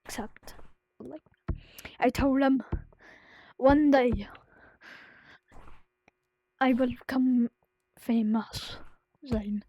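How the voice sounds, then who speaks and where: A woman talking to her viewers in a personal vlog, grieving and close to tears, in a sad voice that halts, restarts and slips into soft whispers. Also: sits high, fairly even intonation, no room sound, poor audio. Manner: halting, full of restarts and fillers, drifting into soft whispers. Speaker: vlogger.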